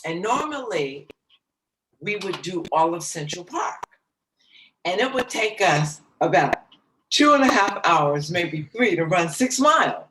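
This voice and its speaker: A middle-aged woman, a jazz singer as guest, slowly and emotionally telling a personal story in an interview. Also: on the low side, big pitch swings, reverberant, far from the mic. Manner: slow, soft, emotional recounting. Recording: voice slightly off-mic, faint background noise.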